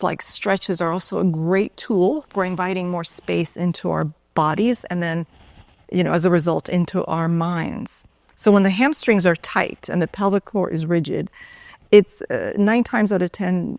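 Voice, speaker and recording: A former yoga and Pilates instructor tells stories at a conference in a loose, conversational way, often tagging sentences with "right?" Her voice is on the low side, gravelly, and a little mellow, recorded dry.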